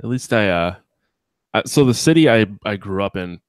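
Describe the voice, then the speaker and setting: A man's voice: fairly low pitch, expressive, moderate pace, clear, resonant tone, no echo, clean studio sound. A man with a Wisconsin accent, a podcast host telling rambling, profane stories in casual chat.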